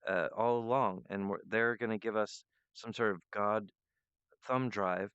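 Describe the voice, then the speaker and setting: A man's voice: fairly low pitch, steady tone, a little slow, a bit bright, clear, resonant tone, no echo. A man hosting his own show, talking in a loose, meandering solo monologue that drifts from idea to idea. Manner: meandering, loose and free-associating. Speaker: show host. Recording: dull lo-fi dry recording.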